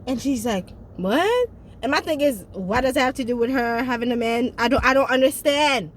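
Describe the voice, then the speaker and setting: Woman, high voice, casual movie review, emphatic, chatty, faint vehicle noise behind. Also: a little fast. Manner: chatty, emphatic, talks straight to viewers. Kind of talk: casual chat.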